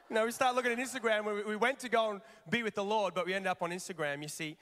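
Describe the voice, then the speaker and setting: A man with a notably high voice preaches a lively, conversational sermon, firing rhetorical questions at his congregation. His voice rings out with the long reverb of a large church hall. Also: quick pace, few pauses.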